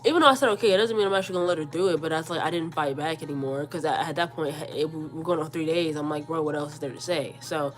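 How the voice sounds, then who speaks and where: Stuffy-nosed lady in her 40s, kinda sick, ranting a storytime, lowish voice, repeats herself a lot. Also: very fast, hardly any pauses. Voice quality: congested. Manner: animated retelling, quotes herself and her mother, repeats words. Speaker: vlogger. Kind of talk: storytime vlog.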